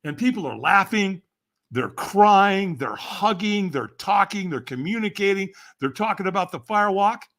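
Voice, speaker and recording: Older man telling a lively story. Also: sits high, normal speed. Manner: acts out quoted voices, laughs often. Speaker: podcast guest. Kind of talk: animated storytelling.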